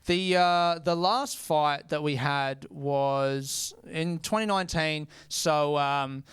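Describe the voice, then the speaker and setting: A man's voice: on the high side, slow, fairly bright tone, clean tone, no echo, studio quality. A young Australian man doing a stand-up comedy set on a club stage, crude and self-mocking, often breaking off to laugh at himself. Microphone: handheld stage mic.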